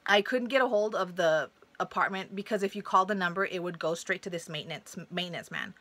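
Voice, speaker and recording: Her voice runs on the low side at a quick pace with no echo. She's a young vlogger recounting a personal story to camera in a casual, blunt, profane way, animatedly voicing the other people in it.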